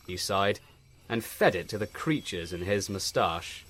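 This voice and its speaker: A man's voice: low-pitched, animated, a little slow, a bit bright. A man giving scripted narration of a comic story in a wry storytelling manner.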